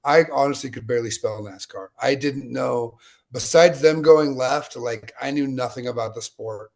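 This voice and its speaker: A man in his late thirties from Utah tells stories as a guest in a relaxed interview. His voice sits at an ordinary pitch with a gravelly edge. He wanders off on side tracks and comes back to them. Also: moderate pace. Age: late 30s. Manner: conversational, digressive storyteller. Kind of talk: casual storytelling interview.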